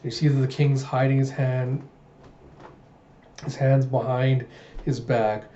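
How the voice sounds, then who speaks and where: A man's voice: mid-range voice, little pitch movement, slow, dark tone, a little hiss or hum. A man casually retelling a comic as he reads through it, chatty and full of "he's like" asides. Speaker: comic reader and reviewer. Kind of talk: casual comic readthrough narration. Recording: roomy, dull home recording.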